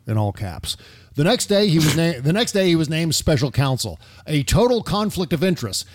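A man's voice: fairly high pitch, expressive, a little fast, no echo. A man co-hosting a casual political chat show, blunt and sarcastic, swearing freely and talking with many fillers. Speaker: podcast co-host.

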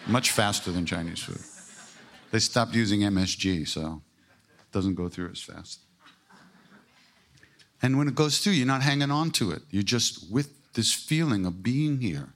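A man with a lowish voice speaks in an informal spiritual talk. He is blunt and earthy, and he jokes between emphatic, repeated points. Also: lively intonation, a little slow, pauses often, fairly bright tone. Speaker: spiritual teacher.

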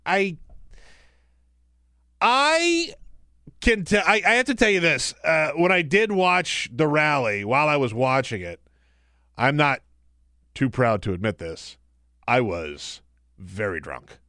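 A man filling in as host of a political talk radio show, joking and animated, laughing easily. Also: fairly high pitch, takes it slowly, long pauses, dry recording, studio quality. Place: radio studio.

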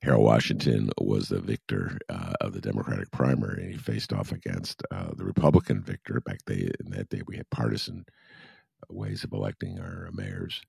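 Hosting a conversational interview, a man with an extremely low, creaky voice laughs easily and fills his talk with fillers and restarts. His intonation is lively and his pace moderate, the tone slightly mellow with a breathy edge. The studio recording is clean, with no room sound.

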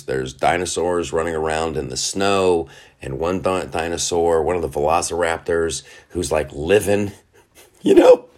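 A man's voice: deep voice, gravelly. A man hosting a podcast, rambling through casual commentary, often laughing at his own jokes. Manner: quick asides and restarts, animated. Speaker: podcast host.

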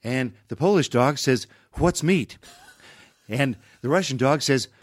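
A man impersonating an older male president, who tells jokes with a folksy drawl full of halting ums and wells. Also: mid-range voice, animated, no room sound, clean studio sound. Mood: joking.

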